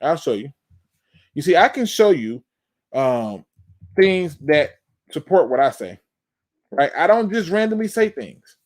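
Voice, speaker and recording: A man's voice: on the high side, very animated, a little slow, long pauses, a little mellow. A man hosting a live sports talk show, emphatic and fired-up, breaking down game film and talking straight to his audience. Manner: addresses the audience as "y'all". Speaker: host.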